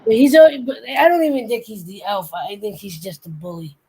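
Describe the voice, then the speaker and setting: A woman co-hosting a casual chat, animated as she tells stories about her pets. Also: medium pitch, fast talker, husky, poor audio. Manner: animated storytelling, acts out her pets' voices. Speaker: podcast co-host.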